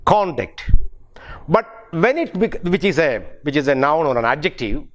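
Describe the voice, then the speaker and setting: A man with an Indian English accent, a professor giving a pronunciation lecture, speaking deliberately and repeating example words to show stress. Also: fairly high pitch, sing-song.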